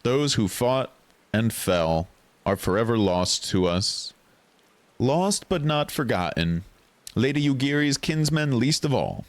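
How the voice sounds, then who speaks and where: A man's voice: mid-range voice, sing-song, slow pace, dry recording. Man voicing a grave formal elder. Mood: solemn.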